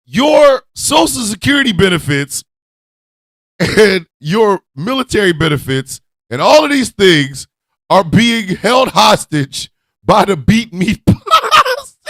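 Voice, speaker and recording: A man's voice: high voice, huge pitch swings, slow pace, fairly bright tone, no echo, studio quality. Cackling, profane male radio host. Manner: cackling laughter, profane, rambling. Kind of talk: loose comedic rant with chat.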